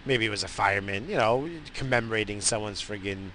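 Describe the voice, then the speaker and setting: A man with a low, bright and forceful voice rants in a loose, profane ramble, swearing freely as he jumps between thoughts. He talks from inside his car, with faint vehicle noise behind him. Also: fairly quick. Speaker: vlogger. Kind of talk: rambling stoned casual chat. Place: in a parked car.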